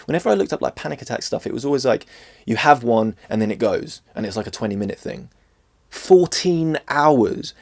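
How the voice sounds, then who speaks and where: A man's voice: medium pitch, expressive, a little fast, creaky. A young English man telling a personal story to camera in an earnest, open way, now and then tripping over his words. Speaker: vlogger.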